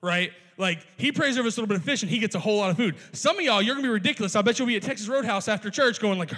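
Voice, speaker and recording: A man, a youth pastor, preaching a sermon in a conversational way, with playful asides and quick restarts. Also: high-pitched, pushed and bright. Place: church sanctuary. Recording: long reverb of a large hall.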